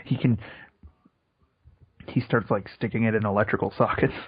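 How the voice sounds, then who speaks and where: A young man with a lower voice riffs in a relaxed way on a comedy podcast, laughing often. His lines roll on loosely. The sound is dull and lo-fi. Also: normal speed, heavy background noise. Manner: laid-back, laughs often, talks in run-on riffs. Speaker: podcast co-host. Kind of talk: casual comedic chat. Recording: dull lo-fi recording.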